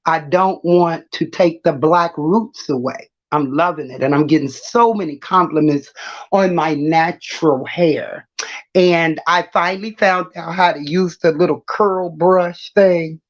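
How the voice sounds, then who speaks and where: A woman's voice: deep voice, unhurried. Middle-aged woman, livestream host, brash and laughing, muffled lo-fi audio. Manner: brash, trash-talking, laughs often. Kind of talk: casual livestream talk.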